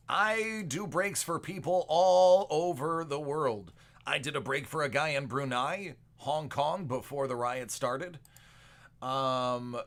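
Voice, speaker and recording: A man's voice: a little high, gravelly, a bit bright. A man hosting a sports card break livestream, chatting and joking casually with his viewers.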